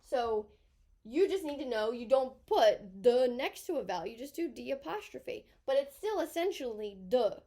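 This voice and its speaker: A woman's voice: high-pitched, animated, moderate pace, warm tone. A woman teaching a French grammar lesson, chatting and thinking aloud as she writes on a board.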